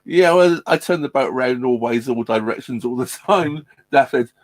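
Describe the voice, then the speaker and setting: A man's voice: mid-range voice, measured pace, dry recording. A man hosting a casual live stream from his narrowboat, chatting with viewers in a rambling way, full of ums and restarts, laughing often. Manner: laughs often while talking.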